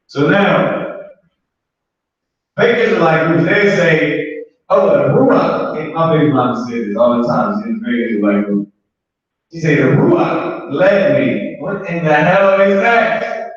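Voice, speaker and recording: A man teaching a room of students, joking and drawing his words out at a slow, unhurried pace. His voice sits somewhat high for a man. He is picked up from far off in a very echoey room on a dull, muffled recording. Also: expressive. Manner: joking, drawn-out, laughs between points. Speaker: language teacher. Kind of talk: casual live classroom teaching. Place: classroom with students.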